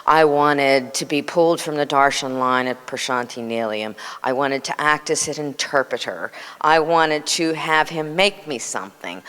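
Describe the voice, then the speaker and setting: A woman in her sixties with a low voice tells an animated personal story, slipping into other people's voices. The sound carries a long hall reverb. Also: smooth. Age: 60s. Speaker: devotee sharing memories.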